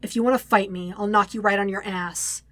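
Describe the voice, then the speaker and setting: A woman's voice: medium pitch, fairly even intonation, brisk, a bit bright, dry recording, lightly acted. A woman voicing a young man who snaps back firmly and refuses to back down. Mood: defiant. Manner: firm, snapping. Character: stern, defiant young man standing his ground. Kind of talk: audiobook reading.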